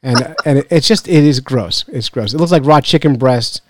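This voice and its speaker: A man's voice: medium pitch, brisk, no echo. A man hosting a fishing podcast, chatting casually in a joking, rambling way and laughing often. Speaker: podcast host. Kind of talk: casual chat.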